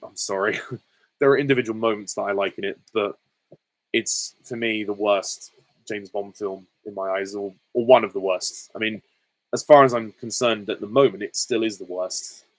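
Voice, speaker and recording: Guy on a live stream reading questions out and answering, kinda low voice, dead dry sound. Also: no echo, low-quality recording. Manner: chatty, reads questions aloud then answers candidly. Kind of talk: casual chat answering viewer questions.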